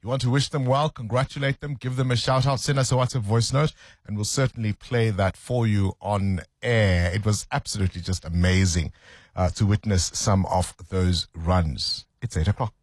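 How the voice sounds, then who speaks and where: A man's voice: lowish voice, fairly even intonation, normal speed, no room sound, studio quality. A man hosting a radio show, chatting casually, laughing often and musing on the news. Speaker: radio host. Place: radio studio.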